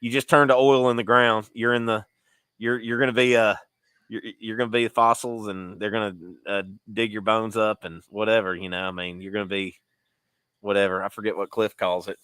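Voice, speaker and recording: A man with a lowish voice chats on a faith podcast. He is recorded close and dry, with no room sound. He rambles in a reflective way and often restarts his sentences. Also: flat delivery, brisk, fairly bright tone, smooth, no room sound. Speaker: podcast co-host. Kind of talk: casual faith podcast chat.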